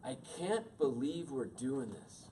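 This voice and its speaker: A man's voice: mid-range voice, lively intonation, slow, warm tone, recorded from a distance, slight background noise, poor audio. A man quoting his exasperated mother in a scolding tone, close to his own voice.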